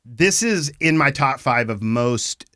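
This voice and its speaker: A man's voice: medium pitch, animated, takes it slowly, fairly bright tone, no room sound, clean studio sound. A man hosting an interview show, asking eager, upbeat questions and laughing along. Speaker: podcast host, interviewer. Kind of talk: casual interview chat.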